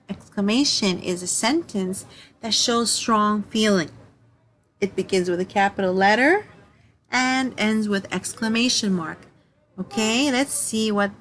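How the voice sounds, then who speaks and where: A woman's voice: mid-range voice, a bit bright, slight background noise. A woman teaching a first-grade grammar lesson, patiently reading each example sentence aloud and repeating it.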